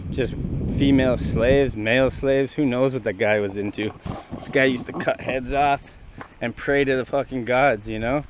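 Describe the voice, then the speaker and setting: A young Canadian man vlogs casually while walking outdoors at ancient ruins, rambling in brash, profane banter. His voice is medium-pitched, with the highs cut off and a noisy background.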